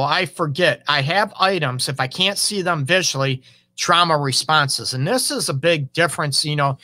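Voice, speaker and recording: A man's voice: a little high, bright, forceful tone, dry recording. A man giving a casual monologue about relationships, conversational, often acting out quoted partners.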